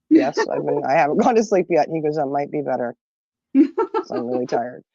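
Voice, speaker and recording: A woman's voice: sits low, animated, normal speed, vocal fry, lo-fi sound, a crowd in the background. A middle-aged woman telling a long story in casual chat, rambling and laughing often. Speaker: podcast co-host.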